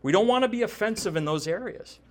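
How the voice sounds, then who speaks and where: A man with a high voice preaches to a congregation in a loose, conversational way. He tags his points with "right?" and "you know?" as he goes. He mixes scripture with stories from his own working life. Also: lively intonation, fast, darkish tone. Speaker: preacher and tattoo artist. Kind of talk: sermon with personal testimony.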